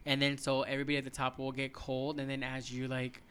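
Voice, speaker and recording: Low-voiced jokey woman podcast co-host. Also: fast talker, slight background noise. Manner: chatty storyteller, jokey, animated pitch jumps. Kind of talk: casual chat.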